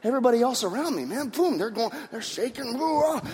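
A man preaching a sermon, telling stories in an animated way with many restarts and repeated words. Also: very high voice, fast, in a large hall. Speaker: pastor.

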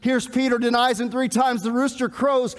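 A man preaching a sermon, animated, asking the congregation questions and acting out scenes. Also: very high voice, normal speed, long reverb tail. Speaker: pastor.

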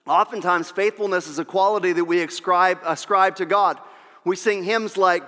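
A man's voice: high voice, normal speed, bright, forceful tone, long reverb tail. A man preaching a sermon as pastor, telling stories and repeating key lines for emphasis. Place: church.

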